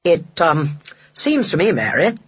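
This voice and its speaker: A storyteller voicing George, a practical, dry-witted man who speaks in a measured way, in a husky voice. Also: mid-range voice, big pitch swings, fairly bright tone, dull audio, heavily acted.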